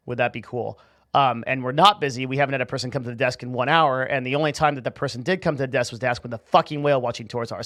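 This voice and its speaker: Fast-talking young man, rambling story. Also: medium pitch, a bit bright, no room sound, clean studio sound. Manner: rambling, profane, many restarts. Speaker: streamer telling a personal story. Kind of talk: casual storytelling.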